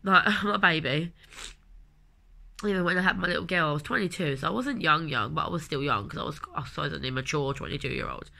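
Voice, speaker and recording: A woman's voice: low voice, quick pace, gravelly, few pauses, sharp tone. A woman in her late twenties with a London accent, talking in a rambling, heartfelt personal vlog while she has a cold. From London, England. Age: late 20s. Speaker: vlogger.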